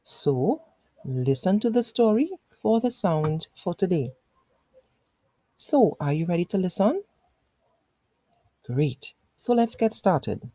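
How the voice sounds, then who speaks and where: A woman teacher in her thirties walks young children through a phonics lesson, patient and encouraging. She speaks slowly in a lowish, mellow voice. The sound is dry and close. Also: big pitch swings, dry recording.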